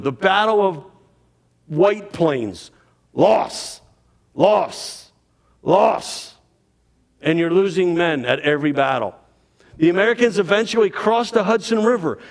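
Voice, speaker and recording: A man giving a dramatic, animated storytelling talk on history to an audience. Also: high voice. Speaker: history speaker.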